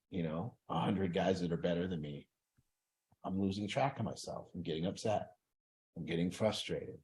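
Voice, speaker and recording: A man's voice: low-pitched, a little mellow. A man leading an addiction recovery group in a room, talking earnestly and reflectively, acting out the inner voices he describes.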